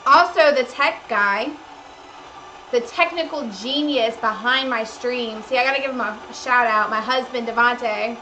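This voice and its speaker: A woman's voice: on the high side, normal speed, bright, forceful tone, a little hiss or hum, low-quality recording. A woman hosting a cooking livestream, chatting in a bubbly, gushing way to her viewers. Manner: bubbly, gushing, talks to chat. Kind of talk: casual livestream chat to viewers. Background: faint background music.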